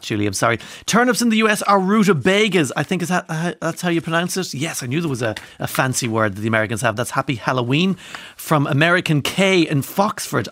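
A man's voice: medium pitch, fairly bright tone, no room sound. An Irish man presenting a radio show from a studio, chatting casually with rambling asides and self-deprecating humour while reading out listener texts. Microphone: studio microphone.

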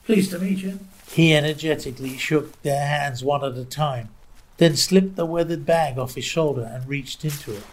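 A woman narrating a children's story aloud in a lively, expressive way. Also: deep voice, breathy edge. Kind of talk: storybook reading.

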